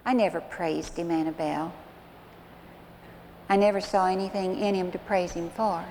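A woman's voice: lowish voice, fairly even intonation, normal speed, dark tone, close to an everyday voice. Woman doing a bitter teary wife pleading, hall reverb behind. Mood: rueful. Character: distraught, bitter middle-aged wife. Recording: long hall reverb, faint noise.

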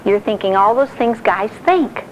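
A middle-aged woman giving a sermon-style talk on marriage, animated and acting out quotes. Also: mid-range voice, moderate pace, slight background noise, poor audio. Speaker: speaker on marriage.

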